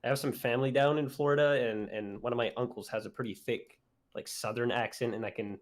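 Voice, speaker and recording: A man's voice: mid-range voice, fast. Easygoing man chatting as a stream guest. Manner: relaxed, hesitant, lots of "like". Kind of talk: casual chat.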